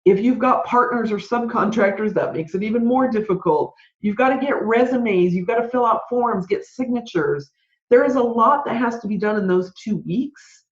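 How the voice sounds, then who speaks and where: A woman hosting a solo podcast, giving advice in a fast, ranting, conversational way. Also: fairly high pitch. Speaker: podcast host. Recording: roomy, dull lo-fi sound.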